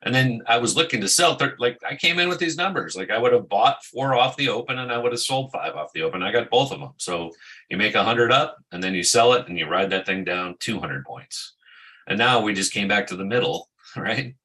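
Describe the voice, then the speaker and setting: A man's voice: lowish voice, lively intonation, fairly quick, bright, forceful tone, rough recording. A man co-hosting a casual markets talk show, emphatic and full of trader jargon. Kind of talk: casual chat.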